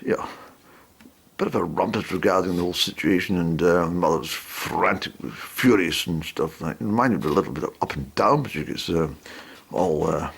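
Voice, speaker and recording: A man telling a rambling comic story, hesitating with lots of ums, in a raspy, creaky voice. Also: low voice, normal speed.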